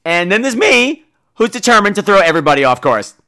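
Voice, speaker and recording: A man tells a comic story on his podcast with campy, theatrical flair. He sounds grieving and dazed, yet his voice stays bright and animated. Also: sits high, fairly quick. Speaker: podcast host.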